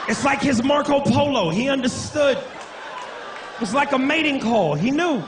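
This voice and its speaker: Brash high-voiced male stand-up comic. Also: expressive, fairly quick, a little hiss or hum. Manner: brash and profane, shouting impressions mid-story. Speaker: stand-up comedian. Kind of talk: stand-up comedy set. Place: comedy club stage.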